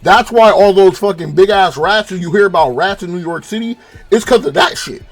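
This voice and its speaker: High-voiced profane Californian man reviewing. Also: a little fast. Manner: profane, rambling, animated retelling. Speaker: show reviewer. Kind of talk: casual spoken review.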